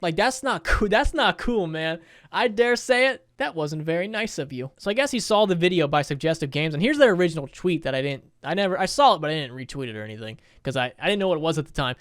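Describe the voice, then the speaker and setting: A man with a high voice reacts to a video in casual commentary, blunt and profane, often breaking into laughter. The recording is dry with no room sound. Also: big pitch swings, fast talker, hardly any pauses, dry recording. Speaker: gaming YouTuber reacting to a video.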